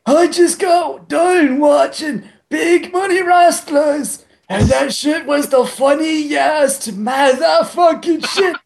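A podcast co-host reading a post as a loud, crude, hyped-up fan who shouts. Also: high-pitched, slow, creaky, exaggerated voice.

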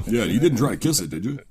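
A man co-hosting a comedy podcast, reading forum posts and cracking quick jokes. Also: mid-range voice, darkish tone, breathy edge. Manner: joking, quick asides. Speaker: podcast co-host.

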